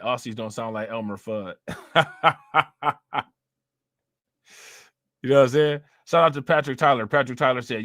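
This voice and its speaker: A young man talks loosely to his stream. He keeps circling back with fillers and restarts. His voice is bright and forward and sits close and dry on the mic. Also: mid-range voice, no room sound. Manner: loose and conversational, fillers and repeats. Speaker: livestream commentator. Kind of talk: casual live commentary reading chat.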